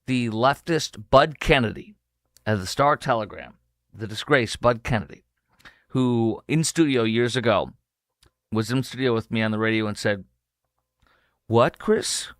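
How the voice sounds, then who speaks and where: A combative male talk radio host holds forth in a mid-pitched voice, hammering points home and speeding up in emphatic bursts. The sound is dry and close, with no room around it. He moves between reading ads and opinionated monologue. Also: normal speed, fairly bright tone, no echo.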